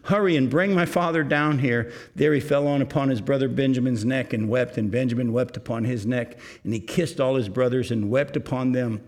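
A man's voice: medium pitch, fairly quick, hardly any pauses. A man preaching a sermon, reading scripture aloud and explaining it to his congregation. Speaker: pastor.

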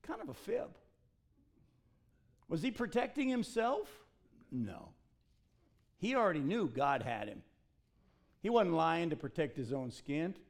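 A pastor preaching a sermon, reading a Bible passage aloud and then explaining it to his congregation, slowing down to stress key phrases. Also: on the high side. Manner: reads scripture then preaches, addresses congregation directly.

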